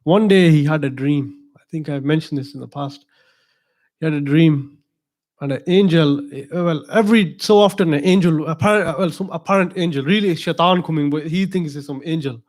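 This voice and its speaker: Speaking as a teacher in a religious talk, a man with a slightly high, somewhat mellow voice recounts his story loosely and chattily at a slightly quick pace. He pauses to put questions to the audience and chuckles at the stranger moments of the tale.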